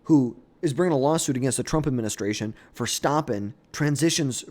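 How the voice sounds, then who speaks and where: A man's voice: medium pitch, a little mellow. Blunt, opinionated young male commentator. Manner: opinionated, blunt, trails off and restarts. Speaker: political commentator. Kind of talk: casual political commentary.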